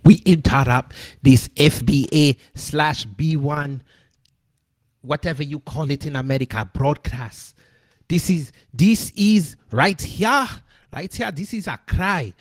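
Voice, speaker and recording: A man putting on a comic impression of a pleading foreign male broadcaster, with an exaggerated, drawn-out, pleading delivery. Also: fairly high pitch, lively intonation, no room sound. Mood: mock pleading.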